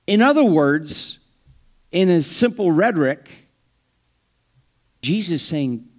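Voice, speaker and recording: A man preaching a sermon in a conversational style, with humorous asides, acting out the lines he quotes with sudden rises and drops in pitch and volume. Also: lively intonation, slow pace, long pauses. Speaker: pastor.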